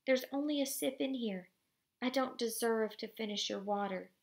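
A woman reading the lines of a weak, thirsty, ashamed teenage boy who speaks quietly and apologetically. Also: extremely high pitch, normal speed, gravelly.

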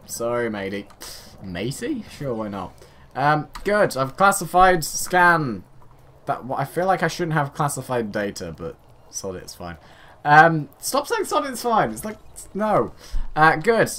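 A man's voice: mid-range voice, fairly bright tone. A man giving casual, rambling, self-mocking commentary while playing a space game. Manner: rambling, self-mocking, chatty asides to himself. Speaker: gaming video host.

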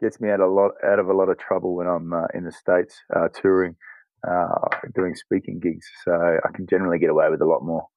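A man's voice: low voice, a little fast, no room sound, phone-quality sound. A man around forty with an Australian accent, chatting easily as a podcast guest and laughing often. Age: 40s. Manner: easygoing, laughs often, relaxed storyteller. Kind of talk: casual conversation.

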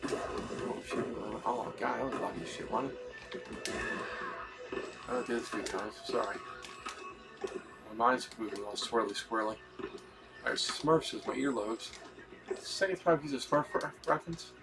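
Guy cursing at a video game, mid pitch, loud game music under him. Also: normal speed, creaky, long pauses. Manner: swears and mutters to himself while playing. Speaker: gaming YouTuber. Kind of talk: casual gameplay commentary. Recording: game music playing loudly behind.

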